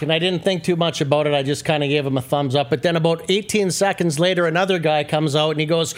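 A man's voice: fairly high pitch, a little fast. A man chiming in as co-host, telling a casual anecdote and acting out the quotes. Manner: storytelling, acts out quotes.

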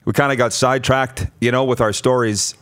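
A man's voice: mid-range voice, steady tone, fairly quick, fairly bright tone. Man, talk show host, mid-range voice, chatty, upbeat. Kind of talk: casual talk show hosting.

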